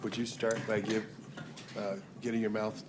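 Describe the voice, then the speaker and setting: A man presiding as judge in a courtroom, brisk and offhand as he gives instructions. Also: on the low side, level tone. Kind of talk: courtroom procedure. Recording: courtroom stream with background noise.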